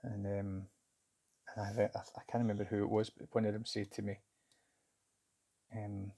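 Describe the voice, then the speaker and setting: A middle-aged man telling a personal story in a candid, halting, reflective way. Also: on the low side, flat delivery, warm tone. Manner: candid, halting, self-searching. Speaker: vlogger recounting a job interview.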